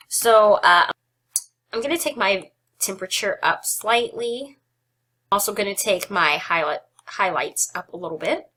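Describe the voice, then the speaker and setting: A young woman hosts a casual software tutorial in a bright, clear voice. She stays chatty and giggly and pokes fun at herself between steps. She sounds slightly out of breath. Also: medium pitch, lively intonation, normal speed. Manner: chatty, giggly, self-deprecating asides. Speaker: photography tutorial host.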